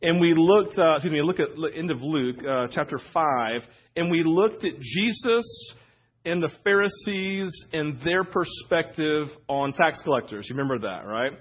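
A man's voice: on the high side, lively intonation, normal speed. Conversational preacher man, muffled sound. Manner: conversational preaching, frequent "right?" asides. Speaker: pastor. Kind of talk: sermon. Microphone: wireless church mic.

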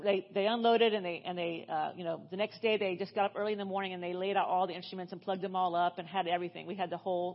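Her pitch is fairly low and the highs are cut off as this middle-aged guest speaker preaches in a church. The sermon is built on stories told in a chatty style, packed with fillers and restarts.

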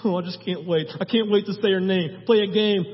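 A playful Jesus, eager and teasing, pitched up high and bouncing through quick questions, as a preacher acts him out. The voice carries a long hall echo and a slightly dull tone. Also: male voice, fairly even intonation, natural voice.

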